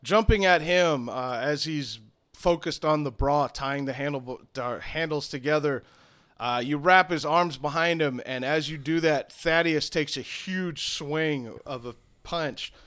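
A man's voice: on the high side, measured pace, a bit bright. Casual male game master. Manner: casual, laughing, loose with profanity. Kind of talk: narrating a tabletop game.

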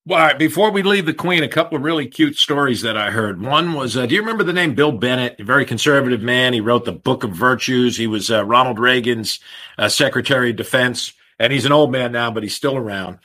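A man in his sixties, a podcast co-host telling animated anecdotes in casual chat, with some swearing. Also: medium pitch, fast. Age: 60s.

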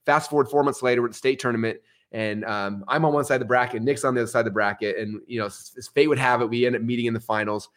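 Fast-talking man telling his story. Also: mid-range voice. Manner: animated, swings into excited outbursts. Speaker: podcast guest. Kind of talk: casual storytelling.

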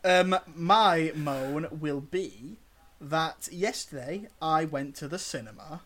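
A man's voice: fairly high pitch, takes it slowly, fairly bright tone. A man, co-hosting a podcast, chatting in a playful, jokey way. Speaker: podcast co-host. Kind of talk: casual chat.

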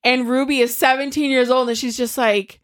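A woman in casual chat, retelling a movie in a lively way, swearing freely and acting out the characters' lines. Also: high-pitched, moderate pace. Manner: animated storyteller, swears freely, acts out quotes.

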